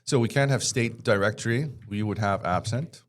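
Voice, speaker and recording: Low-voiced joking male tech instructor. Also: normal speed. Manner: chatty, joking, rambling asides. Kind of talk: casual screen-share tutorial.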